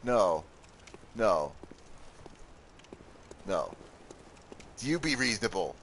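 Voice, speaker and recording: Brief: laid-back male gamer, unhurried joking commentary, faint background noise. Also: fairly low pitch, big pitch swings, a bit bright. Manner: joking, laughs often, talks back to viewers. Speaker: gaming commentator. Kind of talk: casual let's-play commentary.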